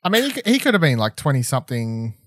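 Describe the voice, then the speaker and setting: A man's voice: mid-range voice, big pitch swings, fast talker, a bit bright, no echo. A young man chatting casually as a podcast co-host, enthusiastic and rambling, with plenty of fillers and restarts. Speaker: podcast co-host reviewing a TV episode. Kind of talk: casual chat.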